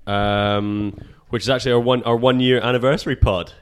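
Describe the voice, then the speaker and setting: A man hosting a podcast in casual chat, relaxed and joking, often trailing off into fillers. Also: mid-range voice, fairly quick, smooth. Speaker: podcast host.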